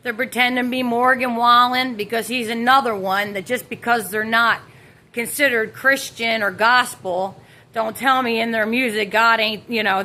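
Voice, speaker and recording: A woman's voice: on the high side, pushed and bright. A woman telling her own story in a rambling, emotional way, with many fillers and restarts. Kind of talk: rambling personal account.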